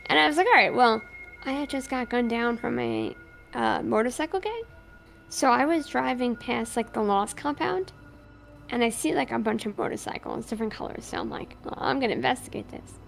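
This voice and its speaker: A woman's voice: fairly high pitch, sing-song, moderate pace, creaky, soft background music. A woman streamer playing a police officer in a roleplay, animatedly recounting events and acting out both sides of the dialogue. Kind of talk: in-character roleplay storytelling.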